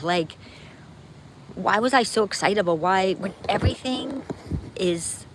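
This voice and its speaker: A livestream vlogger walks her dog down a street outdoors, chatting casually with her viewers. Her mid-range voice moves a little slowly over background noise, upbeat and rambling, full of fillers and restarts.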